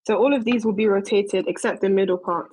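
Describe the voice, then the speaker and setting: A woman's voice: medium pitch, brisk, a little mellow, rough recording. A young woman presenting a casual 3D modeling tutorial, thinking aloud as she works, with loose fillers. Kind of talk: casual screen-recorded tutorial.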